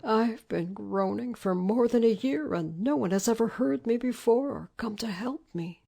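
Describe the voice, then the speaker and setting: A woman voicing a courteous, grateful male tin woodman in a storybook reading, speaking slowly and plaintively. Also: fairly high pitch, creaky, dark tone. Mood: polite. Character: polite, grateful male man of tin, rusted stiff.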